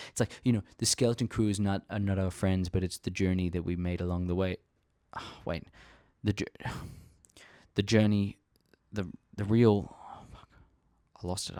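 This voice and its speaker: A young man runs a fan channel, chatting casually and excitedly about theories as he rambles, swears freely, and laughs at himself. His voice is low, and the recording is dry with clean studio sound.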